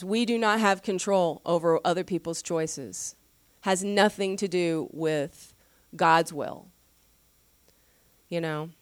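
A woman pastor teaching from the Bible in a casual, conversational way, with animated slangy asides and frequent laughs. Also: mid-range voice, dry recording, clean studio sound.

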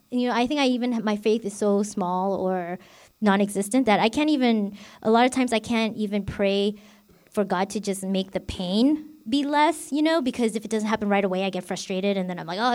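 A woman's voice: mid-range voice, moderate pace, darkish tone. A woman deacon giving an informal bible teaching, chatty and full of fillers like "you know" and "like". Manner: chatty, filler-heavy, self-revealing.

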